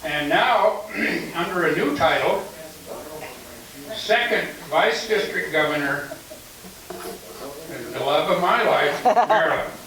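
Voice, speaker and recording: Man, playful club emcee, high and unhurried, far mic. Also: animated. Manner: playful, teasing. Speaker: club tail twister, emcee. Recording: echoey hall from far off, crowd.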